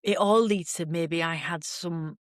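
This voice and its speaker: A woman's voice: fairly low pitch, normal speed, dry recording, studio quality. A woman hosting a podcast, frankly recounting a personal story in a chatty way and acting out her own reactions. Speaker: podcast host. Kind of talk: candid storytelling monologue.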